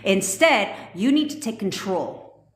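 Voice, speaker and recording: A woman's voice: mid-range voice, lively intonation, slow pace. A woman manifestation coach giving a blunt, profanity-laced pep talk on a live stream. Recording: echoey room.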